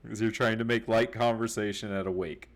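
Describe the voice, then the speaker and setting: A man narrating as game master of a tabletop game, setting scenes in a relaxed, amused way. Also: on the low side, fairly quick, a little hiss or hum.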